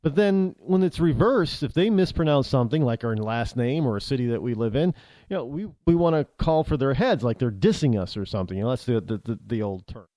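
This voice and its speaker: Animated American man hosting talk radio. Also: mid-range voice, brisk, no room sound. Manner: rambling, with many restarts and asides. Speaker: radio talk show host. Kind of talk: opinionated talk radio monologue. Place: New England.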